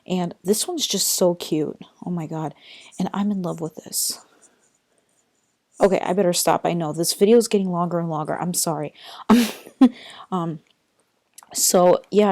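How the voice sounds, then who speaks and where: Chatty young woman, low voice, dry. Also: steady tone, normal speed, long pauses, darkish tone, dry recording. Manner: chatty, rambling, many fillers and apologies. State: tired. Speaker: vlogger. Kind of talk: casual unboxing vlog. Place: bedroom. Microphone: built-in computer mic.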